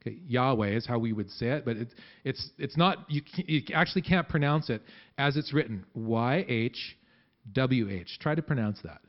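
A pastor with a medium-pitched, expressive voice preaches a sermon in a church, speaking conversationally and often breaking off to restart his sentences. The audio is dull.

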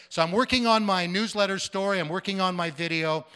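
Middle-aged Canadian preacher, rambling storyteller, bright and slightly high. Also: male voice, a little fast, hardly any pauses, clean tone. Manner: conversational with many fillers and restarts. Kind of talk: sermon storytelling.

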